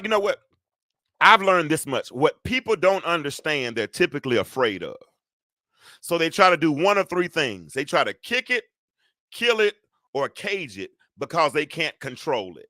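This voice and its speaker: A man's voice: on the high side, very animated, moderate pace, pushed and bright, no echo, clean studio sound. A middle-aged man hosting a solo talk show in a preachy, joking way, speaking straight to his audience and calling for amens. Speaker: host.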